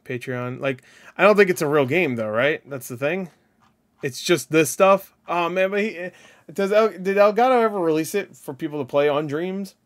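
A man hosting a casual reaction video, talking excitably, swearing and laughing at what he sees. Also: on the high side, normal speed. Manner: excitable, swears often, laughs and yelps at jump scares.

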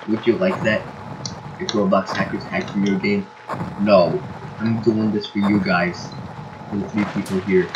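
A young man casually commenting on his gameplay, excitable and yelping with surprise. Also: fairly low pitch, measured pace, long pauses, dull audio, background noise. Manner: excitable, shouts and yelps of surprise. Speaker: gaming streamer.

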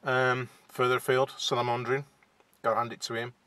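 A young man with a Wolverhampton accent talks to camera from his parked car, recorded on a simple camera mic. His voice is bright and forward. He is shy and hesitant, pausing and restarting with plenty of ums. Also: mid-range voice, flat delivery, no room sound. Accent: West Midlands (Wolverhampton). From England. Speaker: vlogger. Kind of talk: casual to-camera chat.

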